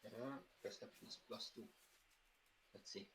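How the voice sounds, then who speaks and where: A man's voice: medium pitch, fairly even intonation, a little slow, fairly bright tone, a little hiss or hum, poor audio. A man playing a tabletop game, talking in a hesitant, stammering way. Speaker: player. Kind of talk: casual chat during a tabletop game.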